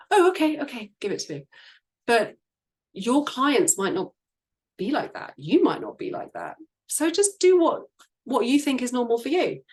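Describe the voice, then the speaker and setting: Chatty woman business coach. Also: on the low side. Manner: chatty, laughs often, lively quoting. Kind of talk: casual group discussion.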